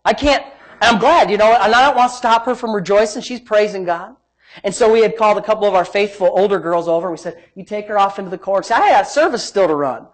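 A middle-aged man preaching, a pastor telling a healing story in an animated way, swinging between loud and soft and laughing as he talks. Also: sits high. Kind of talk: sermon storytelling.

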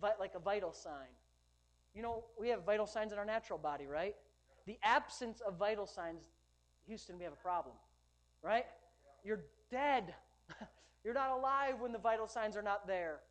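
A woman's voice: mid-range voice, animated, moderate pace, long pauses. A woman pastor preaching a sermon, rhythmic and emphatic, with lighthearted asides to the congregation.

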